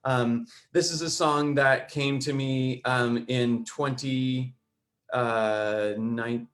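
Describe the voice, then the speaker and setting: A man's voice: medium pitch, fairly even intonation, slow. A man appearing as a guest songwriter, talking hesitantly with many ums over a video call. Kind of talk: casual interview talk.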